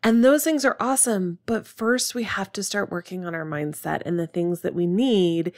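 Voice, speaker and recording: A woman's voice: lowish voice, moderate pace, no echo. A woman hosting her own podcast, speaking in an upbeat, chatty way straight to her listeners. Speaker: podcast host. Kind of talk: solo podcast monologue.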